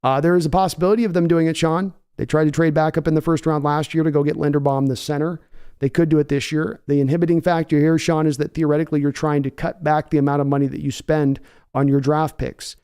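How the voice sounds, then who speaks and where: A man's voice: on the high side, little pitch movement, fast, a little mellow, clean tone. A man hosting a casual livestream podcast, chatting and reading viewer comments aloud. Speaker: podcast host.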